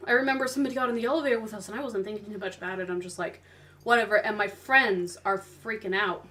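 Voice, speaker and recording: A woman co-hosting a podcast, telling stories in casual chat and acting out what people said. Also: mid-range voice. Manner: animated storyteller, acts out quotes. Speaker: podcast co-host.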